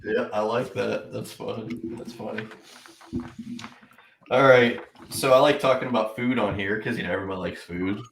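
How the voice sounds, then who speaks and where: A man with a lowish voice asks his guests questions in an easy, laid-back way. His voice carries a roomy echo. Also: fairly even intonation, moderate pace, gravelly, a bit bright, a little hiss or hum. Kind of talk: casual chat.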